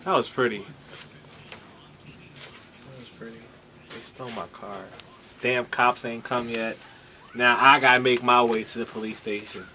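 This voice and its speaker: A man's voice: medium pitch, fairly even intonation, moderate pace, long pauses, pushed and bright. A young man ranting in a casual home video, exasperated and half laughing as he complains. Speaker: vlogger. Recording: noisy home video recording.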